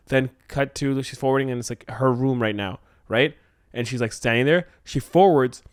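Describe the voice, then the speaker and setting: A man pitching a horror short in casual chat, rambling with lots of fillers and acting out the character's lines. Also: normal speed, no room sound, studio quality. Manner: rambling, full of "like", acts out lines with swearing. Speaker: co-host writing a script.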